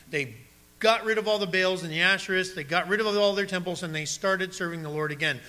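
Male pastor, sermon delivery, bright tense tone, slightly high. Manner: preaching, direct questions to the congregation.

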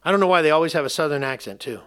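A man's voice: a little high, expressive, racing, a bit bright, clean tone. A male pastor preaching a sermon in an emphatic, conversational way, with some joking.

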